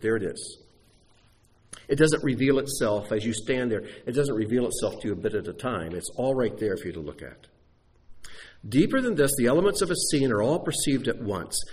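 A man preaching a sermon, explaining Hebrew words with an animated teaching manner. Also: mid-range voice.

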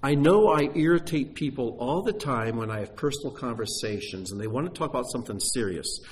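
A man's voice: medium pitch, darkish tone, breathy edge. A man preaching a sermon, emphatic, often repeating key phrases and putting questions to his listeners.

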